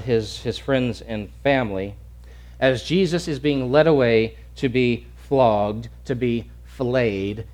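A male preacher giving a dramatic sermon, swinging from shouted lines to hushed near-whispers and repeating words as he acts out the scene. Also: medium pitch.

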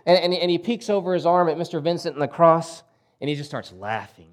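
A man's voice: fairly high pitch, lively intonation, brisk. A male pastor delivering a sermon in a conversational storytelling way, often restarting his words.

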